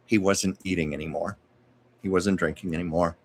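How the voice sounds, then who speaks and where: A man's voice: deep voice, fairly even intonation, moderate pace, a little hiss or hum. A man hosting a livestream, telling anecdotes in a conversational way with little asides. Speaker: host. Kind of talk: storytelling livestream chat.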